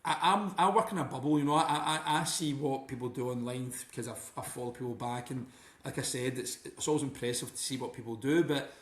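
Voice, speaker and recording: A man's voice: medium pitch, fairly quick, few pauses, a bit bright. Scottish man, chatty, in a roomy space. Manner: rambling, many restarts and "you know". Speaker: guest author and teacher. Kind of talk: casual podcast interview. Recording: roomy echo.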